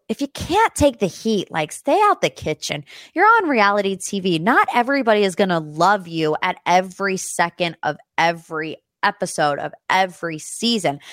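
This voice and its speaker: A woman's voice: mid-range voice, dry recording, clean studio sound. A young woman hosting a podcast, chatting casually about celebrity gossip with lots of "like" and "you guys". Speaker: podcast host.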